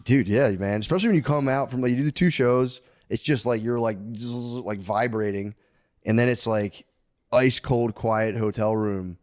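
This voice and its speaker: A man's voice: normal speed, darkish tone, no room sound, clean studio sound. A man in his thirties co-hosting a podcast, telling loose, rambling stories in casual chat with plenty of swearing. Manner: loose, rambling storytelling with swearing and squeaky voices for his kids. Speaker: podcast co-host.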